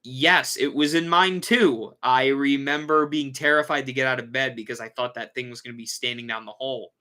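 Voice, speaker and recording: A man's voice: medium pitch, normal speed, bright, forceful tone. A man hosting a casual livestream, rambling and correcting himself as he reads and answers viewer questions. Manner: rambling, self-correcting, yawning. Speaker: host.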